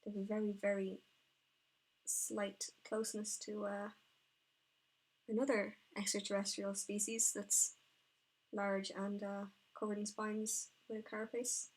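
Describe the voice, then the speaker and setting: Chatty, excitable woman painting live. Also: mid-range voice, unhurried, long pauses. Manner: chatty, excitable and rambling, often talking to herself. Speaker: miniature painter streaming her work. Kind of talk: casual live-stream chat while painting.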